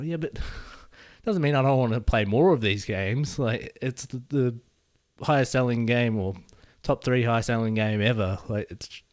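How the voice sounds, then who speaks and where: A man's voice: medium pitch, no echo, clean studio sound. A man co-hosting a casual gaming podcast, easygoing and rambling, with lots of fillers. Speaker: podcast co-host.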